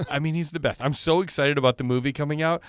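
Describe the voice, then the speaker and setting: A man's voice: on the high side, steady tone, fast, smooth, no room sound, clean studio sound. A man in his forties co-hosting a podcast, chatting enthusiastically and gushing about favorite songs. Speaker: podcast co-host. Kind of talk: casual chat.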